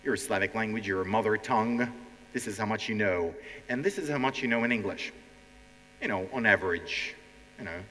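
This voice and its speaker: A lowish, pushed and bright voice at a moderate pace marks this Ukrainian-accented language teacher and show host. He leads a stand-up style lesson, speaking directly to a live audience and acting out nervous learners, with hall reverb in the recording.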